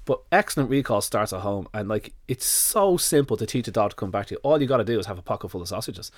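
An Irish man talks quickly in a casual podcast interview, acting out little scenes as he goes. His phrasing is blunt and earthy. The sound is close and dry, with no room echo. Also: fairly low pitch. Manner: animated storyteller who acts out little scenes. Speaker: dog nutritionist guest.

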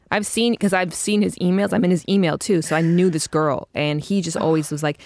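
A woman in her thirties tells a story in casual chat, and her voice sits a little low. She is animated and acts out the quotes, with a laugh never far off. The sound is close and dry. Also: normal speed, no echo. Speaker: guest.

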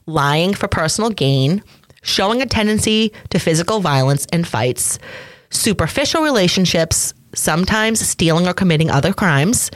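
A woman with a low voice hosts a true crime podcast, reading case notes from a script. She stops often to react and joke with her co-host. The sound is dry and close to the mic. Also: no room sound. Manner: reads case notes then jokes and comments.

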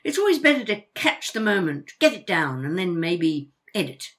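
Brief: actress as older mum, chatty and blunt, tripping over words, lively intonation. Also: female voice, fairly low pitch, moderate pace. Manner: animated, stumbling over words when flustered. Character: chatty older mother, outspoken, quick to apologize. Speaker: mother. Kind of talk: audio drama dialogue.

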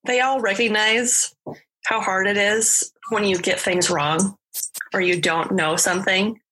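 A woman podcast host with a bright, husky voice, chatting casually and cheerfully. She talks in an upbeat, easygoing way with her co-host. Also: mid-range voice, steady tone, unhurried.

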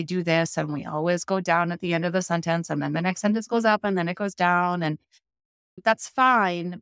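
A woman with a lowish voice explains things the way a speaking coach does, calm and methodical. Her voice is recorded close and dry, with no room around it. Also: vocal fry, dry recording. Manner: measured, explanatory, instructive. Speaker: public speaking coach, guest. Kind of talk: podcast interview.

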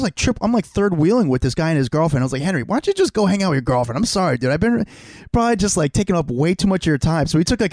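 Animated storytelling man, dry close sound. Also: a little high, dry recording. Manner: animated, swears freely, acts out quoted voices. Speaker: podcast co-host. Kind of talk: casual storytelling chat. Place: home.

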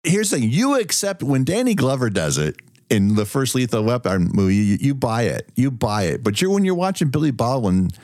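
A man co-hosting a casual movie review podcast, animated and profane, laughing often. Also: medium pitch, fairly quick, no room sound, studio quality. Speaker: podcast co-host.

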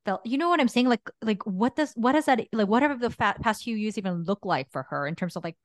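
A woman co-hosting a podcast, talking in an empathetic, expressive, conversational way. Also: on the high side, a little fast, no room sound, clean studio sound. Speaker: podcast co-host.

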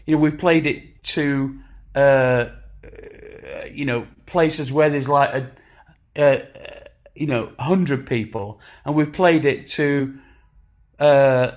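A man in his sixties with a Sheffield accent, telling stories in a casual chat with lively acted-out quotes and frequent restarts. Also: mid-range voice. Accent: Sheffield English. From England. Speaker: musician guest.

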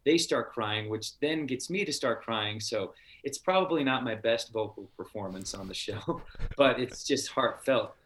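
A man as a podcast guest, telling a heartfelt story in an earnest way, with halting restarts. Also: mid-range voice, fairly bright tone. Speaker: podcast guest, TV show star. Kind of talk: casual interview storytelling.

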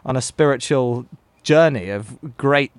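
A man's voice: mid-range voice, measured pace, clean tone, no echo. A British man chatting as a podcast guest in a jokey, talkative way, laughing easily. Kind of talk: casual chat.

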